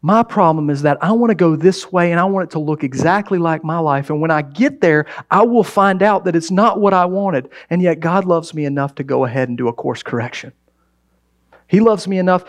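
A male pastor delivers a sermon in a conversational, storytelling way. His voice sits a little above the usual male pitch. He swings between raised, emphatic lines and soft, hushed asides to the congregation. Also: fairly quick. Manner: conversational preaching with sudden loud exclamations and quiet asides.

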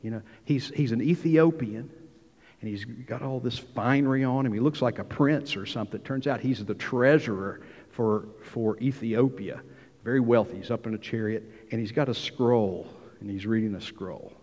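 A middle-aged man preaching a sermon, telling the story lively and acting out the dialogue. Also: mid-range voice, normal speed. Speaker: pastor. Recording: dull hall sound with long reverb.

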